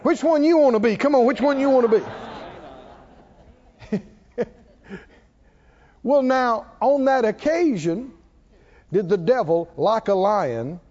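A man's voice: very high voice, expressive, slow, pauses often, dark tone, long reverb tail, muffled recording. A man preaching a sermon, firing questions at his congregation and pressing them with emphatic, chuckling delivery. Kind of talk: sermon with call-and-response.

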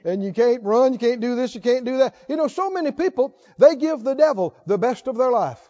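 A man preaching a sermon as pastor, reading scripture and rising to shouted exhortations to the congregation. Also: very high voice, expressive, fairly quick. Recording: dull lo-fi sermon recording.

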